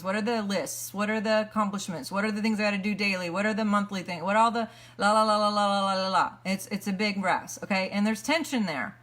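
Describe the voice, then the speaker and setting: A woman giving a self-help teaching talk as a motivational coach, energetic and repetitive, explaining points step by step. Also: medium pitch.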